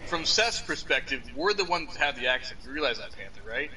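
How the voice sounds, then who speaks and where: A man's voice: mid-range voice, very animated, brisk, bright, forceful tone, rough recording. A man co-hosting a live stream from his basement, chatting casually, laughing a lot and reading out chat messages. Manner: laughs often, reads out chat. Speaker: streamer co-host. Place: home basement.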